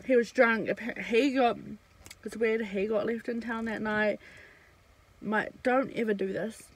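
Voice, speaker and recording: A young woman vlogging a casual storytime, chatty and blunt, swearing freely and filling pauses with "um" and "like". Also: a little high, steady tone, breathy edge, rough recording.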